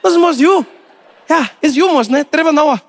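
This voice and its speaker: A man voicing an excitable young Cape Town fan with a Cape Town accent, talking loudly and insistently. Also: fast talker. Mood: excited. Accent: Cape Town English. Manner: loud, insistent, high-pitched and bossy.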